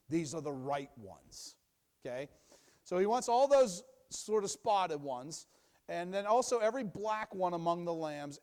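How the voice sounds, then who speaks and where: A young adult man teaching from the Bible in a sermon, emphatic and repetitive, dropping low and quiet for asides. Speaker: preacher.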